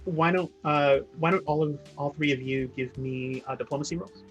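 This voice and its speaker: A man with a slightly raised pitch runs a tabletop game, feeling his way through the scene with frequent ums and restarts. Soft music plays faintly beneath his voice. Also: poor audio. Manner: halting, many fillers and restarts. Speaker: game master.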